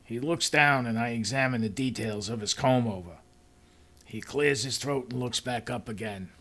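A man's voice: mid-range voice, normal speed, fairly bright tone. A man reading a first-person story in a dry, matter-of-fact way.

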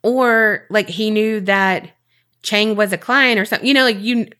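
A woman co-hosting a podcast, relaxed and agreeable in casual chat. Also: mid-range voice, normal speed. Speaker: podcast co-host.

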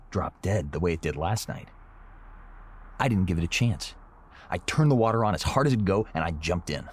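A cranky, anxious husband. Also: male voice, low-pitched, a little mellow, a little hiss or hum. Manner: tense, brooding, defensive. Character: anxious, cranky middle-aged husband narrating. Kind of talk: old-time radio drama acting and narration.

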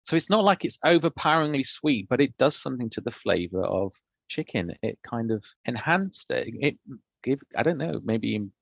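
A man, a food historian, explaining old recipes in a thoughtful, unhurried podcast conversation. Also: mid-range voice, sing-song, gravelly, no room sound.

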